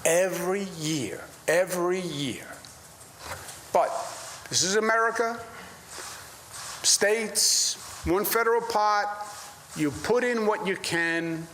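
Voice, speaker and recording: A man's voice: high voice, lively intonation, slow pace, pauses often, bright, forceful tone, slight background noise. Emphatic man answering at a briefing. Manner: emphatic, repeats phrases, rises when indignant. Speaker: state governor.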